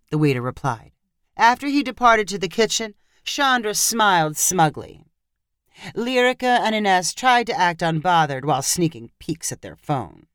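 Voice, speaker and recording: A woman narrating a story aloud with clear, expressive reading. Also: lowish voice, normal speed, dry recording, clean studio sound.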